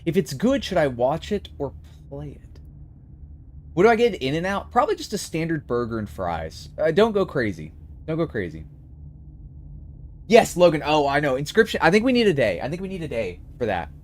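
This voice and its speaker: A man streams a game and chats casually, reading and answering viewers' messages in an animated, chatty way. His voice is on the high side at normal speed, with slight background noise.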